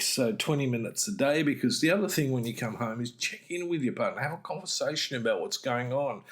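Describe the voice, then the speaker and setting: A man, hosting a podcast and giving casual, direct relationship advice, acting out small exchanges as he goes. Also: mid-range voice. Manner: direct, conversational, acts out little dialogues. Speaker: relationship coach and podcast host.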